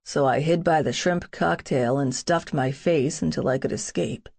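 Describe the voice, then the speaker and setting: A woman's voice: low-pitched, moderate pace, gravelly, darkish tone, voice pushed down. A woman voicing a confident, protective young male soldier in an audiobook, with a dry, teasing way of talking.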